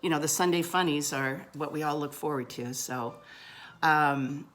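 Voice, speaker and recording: A woman's voice: sits low, moderate pace, fairly bright tone. A middle-aged woman telling a funny personal story in a chatty, self-deprecating way and laughing often. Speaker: vlogger.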